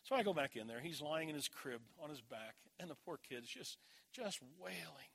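A middle-aged man preaching a sermon in a church, telling a family story and moving between firm and hushed delivery. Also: a little high, animated, moderate pace, gravelly, breathy edge.

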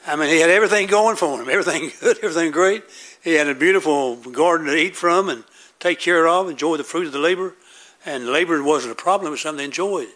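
Bright-voiced preacher man. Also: on the high side, fast. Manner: earnest, repetitive call-and-response preaching. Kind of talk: sermon.

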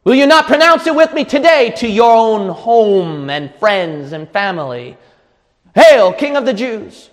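A man preaching a sermon with passion, building from slow teaching up to shouting and crying out. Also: high voice, very animated. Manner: impassioned, rising to shouts and cries. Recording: long hall reverb.

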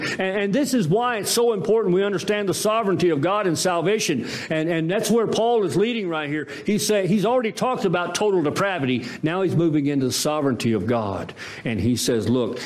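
A man preaching a sermon as pastor, emphatic and full of rhetorical questions and repeated phrases. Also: a little high.

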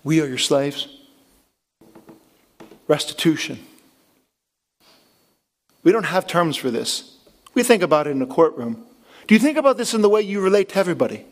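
A man preaching a sermon in an earnest, impassioned way, with dramatic pauses. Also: sits high, very animated. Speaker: pastor.

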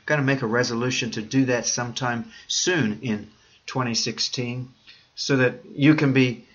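A man's voice: medium pitch, pushed and bright, highs cut off. A man speaking as a radio preacher in a devotional broadcast, earnest and urging his listeners with repeated questions.

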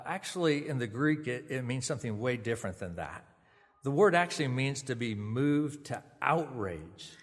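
Man, pastor, funeral sermon, gentle conversational preaching, mid pitch, long hall reverb. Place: funeral service venue.

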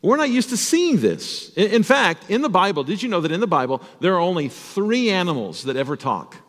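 A man's voice: high-pitched, fairly quick, long reverb tail. A man, a pastor, telling a Bible story as a children's sermon and asking the children questions. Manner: animated, addresses children with questions.

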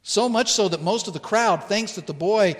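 A man preaching a sermon as pastor in a church, earnest and deliberate, pausing to stress key words. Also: high voice, big-room sound. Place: church sanctuary.

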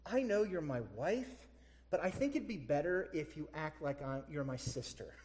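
A man's voice: fairly high pitch, lively intonation, normal speed, darkish tone, natural voice. A man preaching a sermon voices a fearful, foolish ancient patriarch pleading nervously. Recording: echoey hall.

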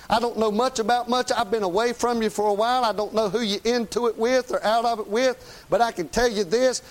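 A middle-aged man, preaching a folksy, plain-spoken, emphatic sermon. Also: very high voice. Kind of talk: conversational sermon.

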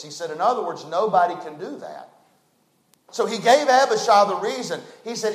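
A man preaching a sermon, folksy and emphatic, swinging from loud to hushed. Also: sits high, expressive, moderate pace, echoey room.

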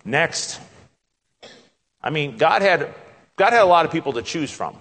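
A man preaching a sermon with drama, his voice climbing when he acts out God's lines and dropping to a hush at solemn points. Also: a little high, sing-song, a little fast, big-room sound. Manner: drops to a hushed, soft tone at solemn points.

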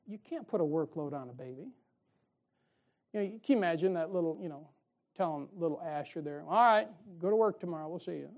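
A man's voice: high-pitched, a little mellow. Folksy joking preacher man. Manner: folksy and joking, with frequent chuckles and rhetorical questions. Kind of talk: evening sermon.

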